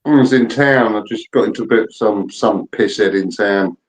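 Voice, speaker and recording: A man's voice: on the low side, normal speed, rough recording. A man telling a rowdy story in casual chat, blunt and full of swearing. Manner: blunt, profane, laddish storyteller.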